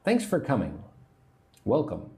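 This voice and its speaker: Patient American teacher in his forties, slow and mellow, with a lively, rising-and-falling delivery as he drills pronunciation. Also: medium pitch. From United States. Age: 40s. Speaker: English teacher. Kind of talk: livestream English lesson, reading viewer comments.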